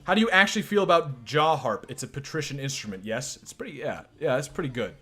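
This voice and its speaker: A man's voice: medium pitch, animated, fast talker, sharp tone, breathy edge. A man streaming live gameplay, commenting casually in a joking, profane, self-mocking way. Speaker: game streamer.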